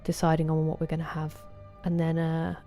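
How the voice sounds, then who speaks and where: A woman's voice: sits low, monotone, brisk, mellow, faint music behind. A woman from southeast England with a southeast English accent, chatting casually with live viewers while streaming a game and greeting them by name.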